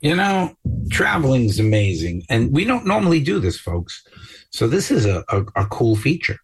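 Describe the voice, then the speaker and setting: Lively, husky-voiced radio co-host man. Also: mid-range voice. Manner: joking banter, quick teasing asides. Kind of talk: casual radio talk.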